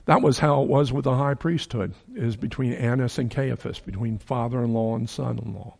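A man's voice: medium pitch, moderate pace, vocal fry, darkish tone. A man preaching a sermon in a folksy, joking way, acting out the people in his story with big swings in his voice.

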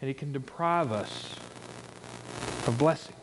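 A man's voice: mid-range voice, measured pace, noisy background. A middle-aged man preaching a sermon, telling folksy, humorous stories and acting out the quotes in them. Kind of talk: sermon with storytelling.

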